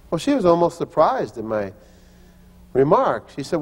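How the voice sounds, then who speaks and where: A man's voice: a little high, very animated, brisk, husky, long reverb tail. An older man preaching a sermon, telling personal stories and acting out the voices he quotes, often restarting his phrases. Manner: storytelling, acts out quoted voices, frequent restarts. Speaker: pastor and teacher.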